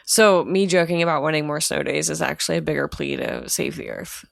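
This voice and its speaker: A woman's voice: low voice, huge pitch swings, fairly quick, vocal fry, no echo, clean studio sound. A woman co-hosting an education podcast, a parent talking earnestly and casually with lots of "like". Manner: earnest and chatty, with frequent "like". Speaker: podcast co-host. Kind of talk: casual conversation.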